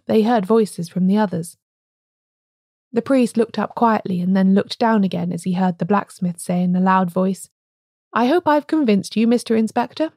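A woman podcast host reading a classic story aloud in a measured way. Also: medium pitch, gravelly, dark tone, no room sound, clean studio sound.

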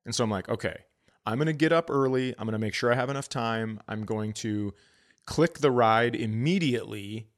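A middle-aged man spins a comic story on a podcast, voice jumping up with excitement and dropping to mutters. He swears freely and mimics the people he talks about. His pitch sits in a middle range. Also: fairly quick. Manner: animated, swearing, voices others in quotes. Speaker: podcast co-host, comedian. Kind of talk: casual storytelling chat.

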